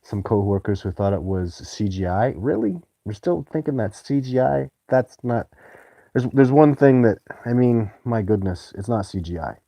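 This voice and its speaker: A man's voice: fairly low pitch, expressive, normal speed, gravelly, dark tone, no room sound. A man hosting a live stream, chatting loosely and greeting viewers as he reads their comments. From Canada.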